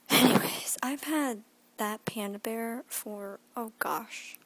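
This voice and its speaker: A teenage girl talks in a rambling daily vlog from her bedroom, her phone held out at arm's length, and she often drops to a whisper. Her voice sits on the high side, a little bright, and she speaks slowly. The audio quality is poor.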